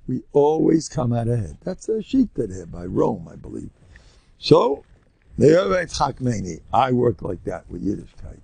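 A man's voice: medium pitch, huge pitch swings, normal speed, vocal fry, mellow, husky, no room sound. An older man, a rabbi giving an informal lecture, telling stories animatedly with rambling asides and Yiddish words sprinkled in.

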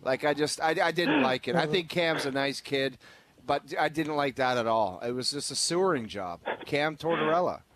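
Animated male radio co-host. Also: fairly high pitch, moderate pace, dry recording. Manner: animated, mimics people in exaggerated voices. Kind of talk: casual sports radio chat. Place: radio studio.

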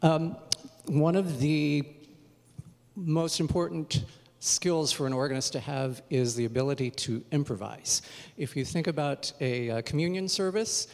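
A man's voice: fairly high pitch, unhurried, creaky. A man, a church organist, talking casually to his audience between pieces with plenty of ums and uhs. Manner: relaxed, chatty, frequent ums and uhs. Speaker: church organist giving a recital. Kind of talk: casual spoken introduction to the audience. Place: church sanctuary. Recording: long church reverb, voice heard from afar.

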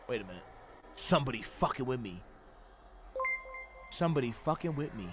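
A young man streaming a horror game, reacting loudly with swearing, sudden shouts and jokes at his chat. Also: medium pitch, a little fast, pauses often, noisy background. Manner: loud, profane, excitable reactions with sudden shouts; trash-talking, joking with chat. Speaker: gaming streamer. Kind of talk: livestream gameplay commentary.

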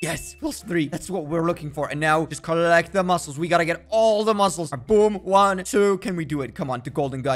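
A young man giving excited, jokey gameplay commentary as a gaming video host, sometimes shouting at rival players. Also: high-pitched, quick pace, hardly any pauses. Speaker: gaming YouTuber.

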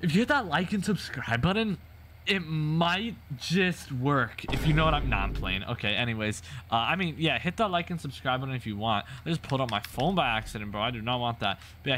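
A young man giving excitable gameplay commentary, full of exclamations and constant "bro". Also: medium pitch, slight background noise. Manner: hyped, says "bro" constantly, frequent exclamations. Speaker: gaming YouTuber. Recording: music playing underneath. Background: game sounds and music.

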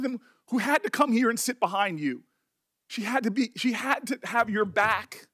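A senator in middle age speaks with deep feeling at a formal hearing, sounding animated and a bit bright at an ordinary pace. His voice is higher than typical for a man, and he repeatedly falters and restarts as his emotions overtake him.

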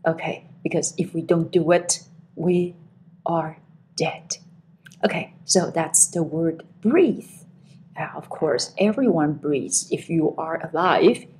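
A woman teaching a vocabulary lesson at a slow, careful pace. Her voice sits on the lower side, and a faint hiss runs under the recording. She keeps checking in with "okay" as she explains. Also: a little mellow, rough recording. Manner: patient, says "okay" often, many fillers. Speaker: English teacher.

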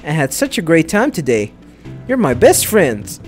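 A man's voice: on the high side, huge pitch swings, moderate pace, faint music behind. A man voicing a flamboyant male spirit who puts on a cutesy girlish act, talking in a gushing, coy, sing-song way.

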